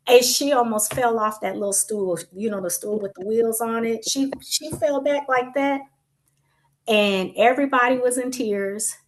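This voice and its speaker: Woman telling her story, chatty and lively. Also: a little high, moderate pace. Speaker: patient guest sharing her experience. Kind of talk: casual panel discussion.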